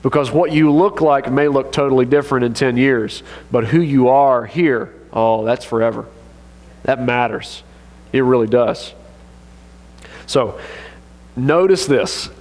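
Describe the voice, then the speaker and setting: A man preaching a sermon as pastor, animated and joking in a conversational way. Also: medium pitch. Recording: long reverb of a church hall.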